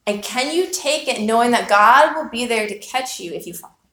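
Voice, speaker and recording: A woman's voice: fairly high pitch, lively intonation, moderate pace, a bit bright. A woman preaching a sermon, telling a personal story with earnest, reflective rhetorical questions. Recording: echoey room.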